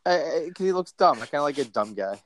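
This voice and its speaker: A man's voice: animated, quick pace. A man co-hosting a casual podcast, rambling in crude jokes with lots of fillers and restarts. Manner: rambling, crude joking, many fillers and restarts, jumpy pitch. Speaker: podcast co-host.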